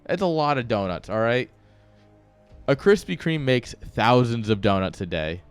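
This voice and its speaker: A man's voice: medium pitch, animated, moderate pace, clear, resonant tone, faint music behind. A man casting a strategy game on a live stream, rambling off-topic and joking at his own expense. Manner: rambling, joking asides, chuckles at himself. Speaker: esports caster.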